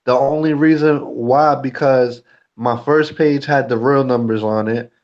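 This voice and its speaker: A man's voice: mid-range voice, fairly even intonation, measured pace, a little mellow, lo-fi sound. A man talking frankly in a casual chat as a YouTuber and co-host, cursing freely. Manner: blunt, frank, curses freely.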